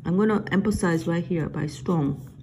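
A woman's voice: fairly low pitch, noisy background. A middle-aged woman from Korea with a Korean accent, teaching the Korean alphabet and patiently repeating each sound. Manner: patient, repeats sounds slowly and stresses them. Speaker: language teacher. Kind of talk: slow Korean alphabet lesson.

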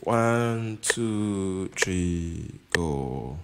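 A man teaching keyboard in a casual, halting way, often stopping to check that the listener understands. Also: sits low, expressive, vocal fry. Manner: keeps checking in with "you understand?"; halting, with restarts and repeated words. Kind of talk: casual instructional talk. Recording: long reverb with keyboard music behind.

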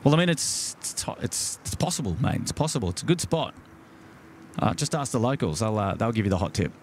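An Australian man talks easily as he hosts a night-time live stream from a waterfront jetty. He greets viewers one by one in a relaxed, conversational way, with frequent fillers and restarts. A faint outdoor noise sits behind his voice. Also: medium pitch, brisk. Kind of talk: casual live stream chat.

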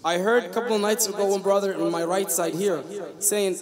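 A man's voice: sits high, steady tone, quick pace. A man giving a short talk as imam, correcting the congregation emphatically and repeating his points. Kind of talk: sermon. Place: mosque prayer hall with congregation. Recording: crowd heard in mosque hall.

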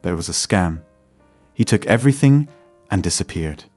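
A man's voice: deep voice, animated, moderate pace, a little mellow, slightly rough, dry recording, faint music behind. A man reading a tearful, guilty teenage girl. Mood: pleading. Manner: small, pleading voice.

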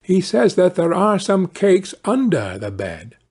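A cunning little peasant, eager and knowing, as a man reads him aloud. He speaks a touch higher than an ordinary telling voice, slow and husky. Told like a storybook audiobook. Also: huge pitch swings, darkish tone, heavily acted. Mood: sly, eager. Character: cunning little male peasant, smug trickster.

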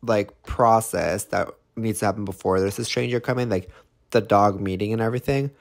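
A man's voice: fairly low pitch, fairly even intonation, a little fast, gravelly. A man co-hosting a podcast, telling a story in casual chat and acting out quotes with shrieks and growls. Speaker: podcast co-host.

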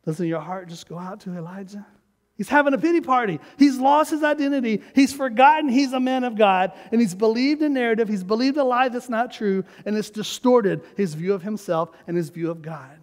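A man with a high voice preaches in a church sanctuary, his words ringing out with a long reverb. He is emphatic and calls on the congregation to repeat after him. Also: normal speed. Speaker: pastor. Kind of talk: sermon.

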